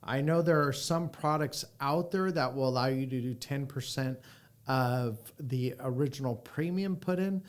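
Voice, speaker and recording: Man, podcast host, energetic, upbeat, casual chat. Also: medium pitch, moderate pace. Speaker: podcast host, annuity sales coach.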